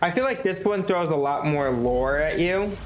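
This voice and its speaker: A man's voice: fairly high pitch, animated, moderate pace, background noise. A man streaming a game, talking casually in a rambling way. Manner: rambling, many restarts and likes. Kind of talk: casual gameplay commentary. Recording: echoey room.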